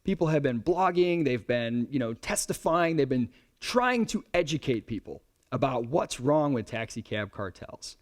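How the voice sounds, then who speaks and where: A man in his thirties giving a conference talk to a young audience, conversational and animated, often checking in with "right?". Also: medium pitch, moderate pace, few pauses. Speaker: conference speaker.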